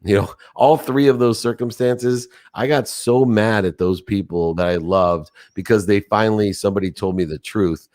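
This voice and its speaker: Deep voiced guy in his 40s, intense emotional story, gets choked up, dry close sound. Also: moderate pace, few pauses, a little mellow, no room sound. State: choked up at moments. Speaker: podcast guest.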